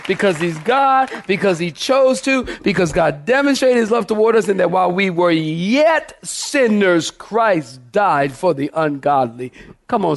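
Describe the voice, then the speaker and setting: Pastor guy preaching in church, pretty high voice, fired up, keeps asking the crowd to answer back. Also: gravelly. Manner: animated preaching, calls out to the congregation. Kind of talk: sermon.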